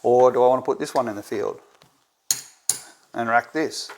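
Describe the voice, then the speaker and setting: A man's voice: medium pitch, normal speed, a little mellow, a little hiss or hum. A man with an Australian accent, hosting a tabletop game tutorial and thinking aloud, often checking in with "right?". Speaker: gambling strategy presenter.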